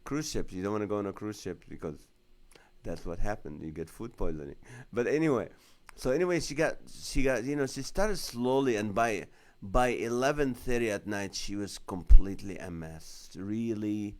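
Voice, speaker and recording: A man's voice: lowish voice, animated, normal speed, a little mellow. A middle-aged man, a comedian, hosting a casual live stream from home, telling rambling stories with jokes and frequent laughs. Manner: joking, laughs often, rambling asides. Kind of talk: casual storytelling chat.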